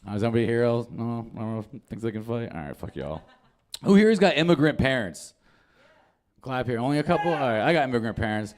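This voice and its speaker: A man's voice: medium pitch, very animated, fast, a little mellow. A young man performing a stand-up comedy set, telling stories in a loose, casual way and swearing a lot. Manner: casual, profane, storytelling.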